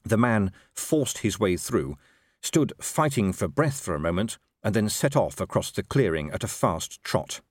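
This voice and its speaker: A man giving expressive scripted narration of a comic fantasy audiobook. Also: lowish voice, a little slow, slightly rough, no room sound, clean studio sound.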